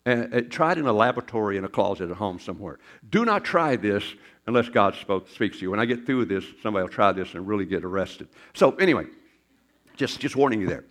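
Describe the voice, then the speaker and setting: A man's voice: on the low side, fast talker. Folksy older male preacher. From Arkansas. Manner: folksy storytelling with asides and laughs. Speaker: pastor. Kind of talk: sermon.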